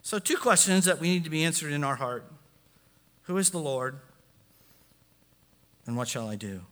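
A man's voice: fairly high pitch, lively intonation, moderate pace, a bit bright. A man preaching a sermon as pastor, building emphasis and acting out quotes in his own voice. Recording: long echo of a large hall.

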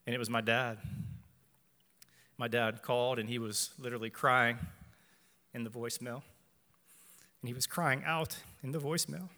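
Man in his 40s sharing his testimony at church, bright clear voice, big echoey hall reverb. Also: medium pitch. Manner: earnest, measured, repeats phrases for emphasis. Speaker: church member giving testimony. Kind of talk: personal faith testimony.

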